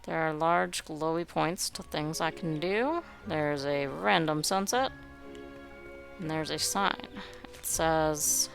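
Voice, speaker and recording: Young woman gamer, dry jokey commentary, low-ish gravelly voice. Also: takes it slowly, a bit bright, faint music behind. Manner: wry, sarcastic asides. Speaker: game streamer. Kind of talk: gameplay commentary.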